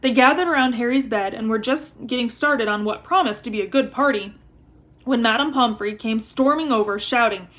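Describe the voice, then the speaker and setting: Female reader narrating a novel; expressive, slightly high pitch. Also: normal speed. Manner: expressive storytelling. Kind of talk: reading a novel aloud.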